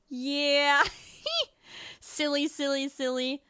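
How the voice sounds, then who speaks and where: A young woman streamer chatting casually with her viewers, excitable and often laughing, swearing now and then. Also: sits high, dry recording, clean studio sound. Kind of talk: casual livestream chat.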